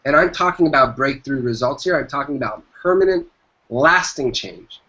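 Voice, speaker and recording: This medium-pitched, expressive voice moves at a moderate pace with a bright, forceful tone. The man, an entrepreneur guest in an interview, pushes motivational business advice emphatically and repeats his key phrases, heard through dull lo-fi sound.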